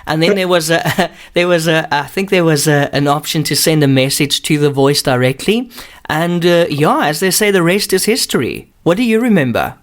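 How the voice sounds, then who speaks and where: A man with a South African accent hosting a casual radio interview, chatty and quick, often laughing. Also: a little high, animated. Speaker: radio host.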